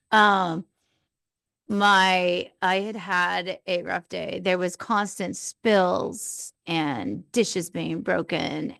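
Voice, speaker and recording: A woman's voice: mid-range voice, vocal fry, fairly bright tone, dry recording. A woman hosting a live podcast, telling an earnest, rambling personal story as a mom. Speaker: podcast host.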